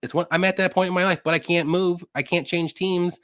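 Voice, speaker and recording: A man's voice: high-pitched, brisk, dry recording, clean studio sound. A man co-hosting a live betting show, bantering and joking with the host. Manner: animated, jokey banter.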